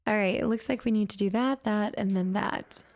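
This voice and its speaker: A woman's voice: mid-range voice, moderate pace, a little mellow, a little hiss or hum. A woman streaming a horror game live, chatting with viewers and reading on-screen text aloud as she plays.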